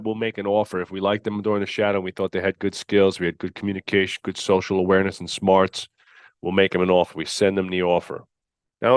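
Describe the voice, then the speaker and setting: Blunt, low-voiced man hosting a podcast. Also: dry recording, studio quality. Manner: blunt, emphatic, peppered with "all right"; mocks candidates in put-on whiny voices. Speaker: podcast host and gym owner. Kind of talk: solo coaching monologue.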